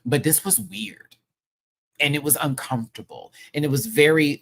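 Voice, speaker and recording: A man's voice: a little high, lively intonation, normal speed, gravelly, fairly bright tone. A man hosting a live review show, ranting in a sassy, heated and profane way full of slang. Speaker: show host reviewing a TV episode.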